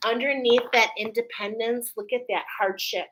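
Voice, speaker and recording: A woman's voice: mid-range voice, a little slow, fairly bright tone, slight background noise, poor audio. A woman giving a spiritual oracle card reading to her viewers, earnest and soothing, often checking in with "okay?".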